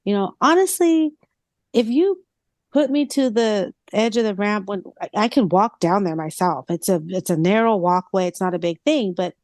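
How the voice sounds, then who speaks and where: A woman's voice: medium pitch, moderate pace, no room sound. A woman co-hosting a casual podcast chat, telling stories animatedly and acting out quoted lines. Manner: animated storytelling with acted-out quotes. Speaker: co-host.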